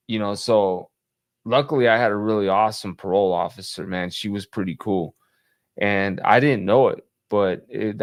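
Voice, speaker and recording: A man in casual conversation, speaking slowly and plainly with frequent restarts and fillers. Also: on the low side, dry recording, studio quality. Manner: slow, halting, plainspoken, many restarts. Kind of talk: casual conversation about life after prison.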